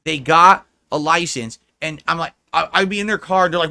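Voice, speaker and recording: A man's voice: a little high, lively intonation, normal speed, vocal fry, hardly any pauses, pushed and bright. A man livestreaming, ranting in a profane, mocking, combative way.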